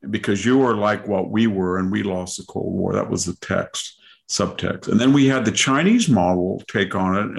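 A man's voice: on the low side, normal speed, vocal fry. An older man hosting a podcast, giving discursive political commentary that piles up lists and mock quotations. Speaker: podcast host.

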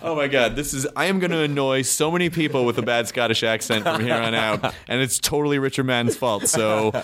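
A man's voice: mid-range voice, brisk, a bit bright. An American man hosts a casual podcast interview with a mid-range voice. He is chatty and enthusiastic, gushing and swearing when something delights him. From United States. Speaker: podcast host.

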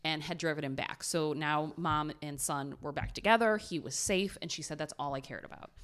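Low-voiced woman telling a story. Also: moderate pace. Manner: animated storytelling, swearing, acts out quotes. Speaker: podcast co-host telling a true crime story. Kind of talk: casual chat.

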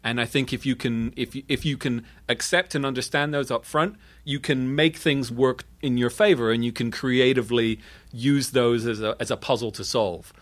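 A man's voice: mid-range voice, steady tone, a bit bright. A middle-aged man from the UK with a transatlantic accent, chatting casually as a guest and often restarting his sentences. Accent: transatlantic, not strongly British. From United Kingdom. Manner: halting, frequent restarts, laid-back. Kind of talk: casual chat.

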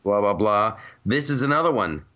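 A man's voice: on the low side, animated, normal speed, pushed and bright, highs cut off. A man hosting a casual, comedic podcast chat, rambling through stories with many restarts and laughs. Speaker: podcast host.

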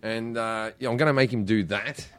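This comedian, appearing as a podcast guest, has a lowish voice with fairly even intonation and a moderate pace. He chats casually through his stories, cursing without restraint and tripping over words before starting again. The recording is dry and a bit bright.

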